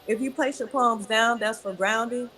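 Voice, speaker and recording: A woman yoga teacher guiding a breathing exercise, speaking calmly and instructively and answering politely. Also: fairly high pitch, normal speed, poor audio. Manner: calm, instructive, says "yes, ma'am".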